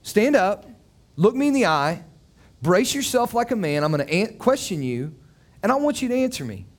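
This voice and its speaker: A man's voice: high-pitched, sing-song, normal speed, voice pushed up. A man voicing God as a stern, demanding male voice in a sermon retelling. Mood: commanding. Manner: forceful, demanding.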